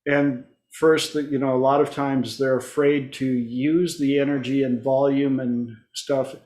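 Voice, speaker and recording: A man's voice: medium pitch, flat delivery, unhurried, darkish tone, echoey room. A man hosting a coaching talk. He rambles and digresses, with many fillers. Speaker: life coach host.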